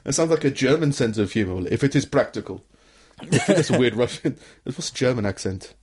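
A young man rambles through a casual comedy podcast chat. He restarts his sentences, trails off and laughs at his own points, and his voice sits at an ordinary middle pitch. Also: animated, normal speed, long pauses, a little mellow, husky. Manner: rambling, self-interrupting, laughs often. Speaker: podcast co-host.

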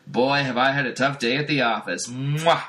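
A man's voice: medium pitch, normal speed, fairly bright tone, lightly acted. A man voicing an overbearing sitcom husband, in an exaggerated, cheesy sitcom delivery.

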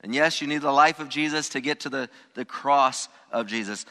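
A man's voice: medium pitch, normal speed, few pauses, pushed and bright, big-room sound. A man preaching a sermon as pastor, emphatic, stressing key words and repeating phrases for weight. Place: church sanctuary.

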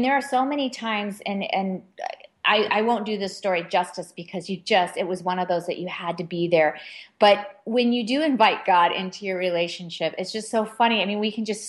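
A woman co-hosts a faith talk radio show. She tells stories animatedly, laughing easily and restarting her sentences often. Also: medium pitch. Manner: animated, giggly storyteller with many restarts.

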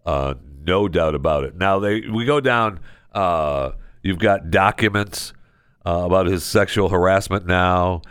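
A man hosting a talk show, ranting in a sarcastic, casual way with big swings in pitch. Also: smooth, no echo, studio quality. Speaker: radio show host. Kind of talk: casual opinion monologue.

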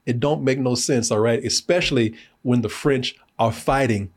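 American guy hosting a movie review podcast, husky voice, animated and swearing, lots of uhs. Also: mid-range voice, normal speed. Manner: animated, laughing, profane, lots of fillers. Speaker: film review podcast host. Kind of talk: casual film review chat.

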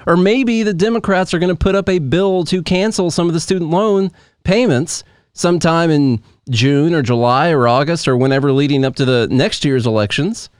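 Smooth-voiced man reading news on a podcast. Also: on the high side, normal speed, dry recording, clean studio sound. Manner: reads articles aloud and explains charts with asides. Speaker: podcast co-host. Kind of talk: casual news commentary.

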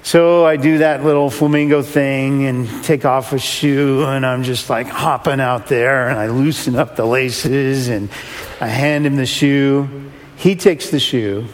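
A man's voice: medium pitch, steady tone, measured pace. A man who runs a rescue mission, telling a humorous, self-mocking story to an audience. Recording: long hall reverb.

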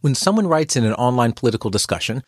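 A man's voice: medium pitch, very animated, quick pace, husky, no echo, clean studio sound. A man coaching and hosting a scripted podcast, in a wry, playful manner. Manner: wry, playful, acts out quoted voices. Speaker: executive coach and host.

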